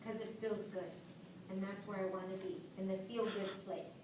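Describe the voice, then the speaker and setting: A woman's voice: medium pitch, fairly even intonation, normal speed, background noise. A woman teaching a yoga and health class, lecturing and often checking in with her students by asking "right?" and "make sense?". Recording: echoey classroom from far off.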